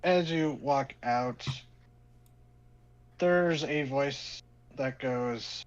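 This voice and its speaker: A man narrating as game master at a tabletop game, loose and halting in his wording. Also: medium pitch, lo-fi sound.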